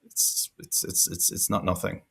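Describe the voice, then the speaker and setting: A man's voice: moderate pace, pushed and bright. A man, a former rugby player turned podcaster, telling stories as a guest in a casual interview, chatty and full of fillers and restarts.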